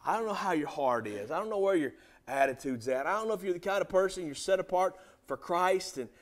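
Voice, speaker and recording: High-voiced pastor preaching with emphatic rises. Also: male voice, expressive, a little fast. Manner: preaching with loud emphatic rises and soft drops; asks the congregation questions. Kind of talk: sermon. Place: church.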